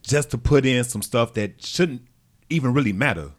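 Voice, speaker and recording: A man's voice: mid-range voice, lively intonation, normal speed, no echo. A man speaking bluntly and plainly as a guest in a casual podcast chat.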